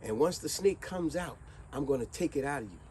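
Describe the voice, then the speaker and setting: A man voicing a sly male bird who calmly gives crafty advice. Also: a little fast, slight background noise, lightly acted. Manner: calm, low, advising.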